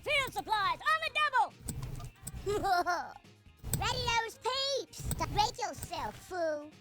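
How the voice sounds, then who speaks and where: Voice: very high-pitched, very animated, slow pace, exaggerated voice. Actors voicing cartoonish worm soldiers in a video game, barking exaggerated one-liners in many different accents. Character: assorted cartoonish worm soldiers, mixed ages. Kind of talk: game character voice clips. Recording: game music behind.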